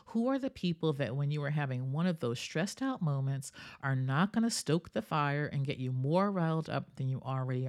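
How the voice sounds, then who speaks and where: Low-pitched and a little mellow, this woman's voice carries her solo wellness podcast. She talks like a coach, tossing in "right?" often and performing the voices of those she quotes.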